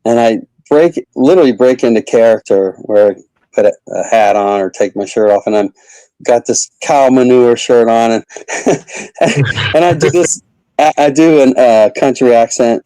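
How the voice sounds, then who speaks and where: A man's voice: medium pitch, normal speed, warm tone, no echo, poor audio. A man who is a comedian, rambling casually as a guest in an interview. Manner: rambling, chatty, lots of fillers.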